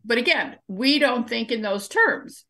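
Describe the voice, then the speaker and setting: High-voiced woman explaining with stories. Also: lively intonation, unhurried, bright, forceful tone. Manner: explanatory storyteller with everyday examples. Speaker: guest, international civic training director. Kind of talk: conversational interview answers.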